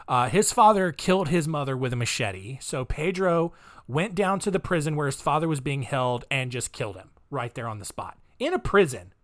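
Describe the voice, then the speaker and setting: A man's voice: a little high, fairly bright tone, no echo, studio quality. A man hosting a podcast, telling a true-crime story casually with wry, incredulous asides and plenty of "um" and "all right?". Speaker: podcast host.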